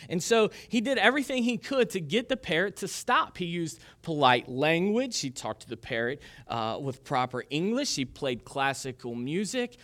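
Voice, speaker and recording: A male pastor preaches a sermon, telling a story with casual jokes and asides. His voice sits a little high for a man, and his tone is conversational rather than formal. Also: pushed and bright.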